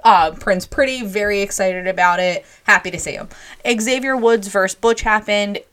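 A woman's voice: medium pitch, moderate pace, a bit bright, smooth. A woman co-hosting a podcast, chatty and rambling as she tells stories in casual talk. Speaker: podcast co-host. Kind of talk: casual wrestling chat.

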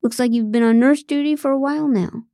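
A smarmy young man who fawns and coos over the woman he is talking to, as a woman puts him on while reading an audiobook. His voice is mellow and dry, close to the mic. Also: high voice, fairly quick, no room sound, pitched above the performer's own voice. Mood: fawning. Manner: cooing and fawning.

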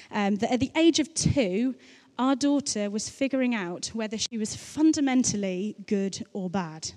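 A woman's voice: on the high side, darkish tone. A woman giving a sermon in a chatty, anecdotal way, with playful asides between her points. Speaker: preacher. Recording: long reverb of a large hall.

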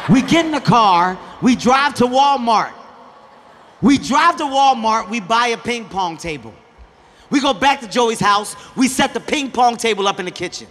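A man doing stand-up comedy, telling stories in a loud, animated, profane way and acting out other characters. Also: high voice, moderate pace, big-room sound. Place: stage before a live audience.

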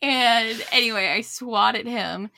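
Bright-voiced woman, dry close sound. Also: fairly high pitch, unhurried, vocal fry, no room sound. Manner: laughs often and tells rambling anecdotes. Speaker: podcast co-host. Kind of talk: casual chat.

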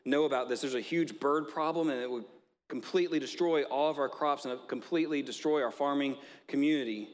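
A man playing an excited news reporter chasing a big story. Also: mid-range voice, brisk, long reverb tail, lightly acted. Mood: urgent.

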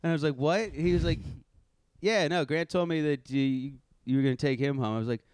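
A young man telling a story on a casual podcast, animated and swearing, acting out what others said. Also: on the high side, a little fast, clear, resonant tone, no room sound, clean studio sound. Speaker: podcast host.

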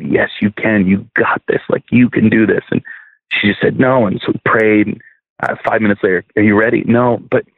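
Man, low voice, guest minister, earnest testimony, repeats words, dry phone-like audio. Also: gravelly, no echo. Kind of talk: telling a testimony in a podcast interview. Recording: dry, phone-like narrow sound.

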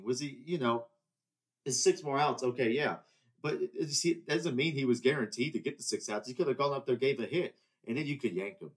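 A man's voice: medium pitch, brisk, a bit bright. A young man hosting his own podcast, talking alone in a rambling, heated way with many restarts. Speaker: podcast host. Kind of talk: casual solo monologue.

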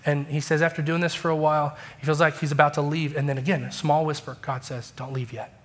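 A man preaching a sermon, telling stories and acting out quoted dialogue with lively emotion. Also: a little high, fast. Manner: animated, acts out quoted dialogue. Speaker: pastor. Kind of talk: sermon storytelling.

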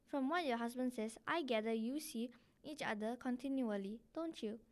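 A woman's voice: a little high, normal speed, lightly acted. A woman reading as a meddling society lady. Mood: insinuating. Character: worldly, meddling society woman fond of intrigue.

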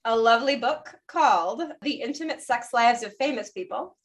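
A woman's voice: fairly high pitch, moderate pace, hardly any pauses, recorded from a distance. A woman co-hosting a podcast in casual chat, presenting her research in a rambling, chatty way with frequent self-corrections.

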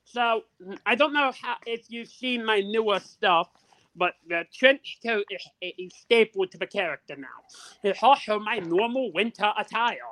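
Higher-voiced man telling a profane story. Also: unhurried, rough recording. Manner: profane, animated, acts out the people in his stories. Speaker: podcast co-host. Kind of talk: casual storytelling.

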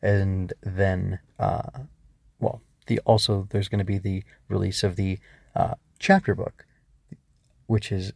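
Gravelly, low-voiced male author. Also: a little mellow, no echo. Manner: hesitant, filler-heavy asides. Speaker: author and podcast host. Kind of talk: story reading and podcast outro.

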